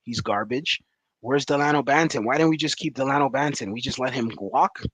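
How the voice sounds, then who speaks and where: A man's voice: medium pitch, a little fast, fairly bright tone, breathy edge, no room sound. Frustrated man ranting after a game. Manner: frustrated, rambling with many fillers. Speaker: sports fan commentator. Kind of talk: post-game reaction rant.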